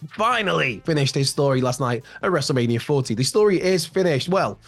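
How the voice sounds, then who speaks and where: A man hosting a wrestling news show in a casual, rambling way, with a slightly raspy voice. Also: a little high, lively intonation, brisk, soft background music. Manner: chatty, rambling with fillers and restarts. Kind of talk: online news commentary.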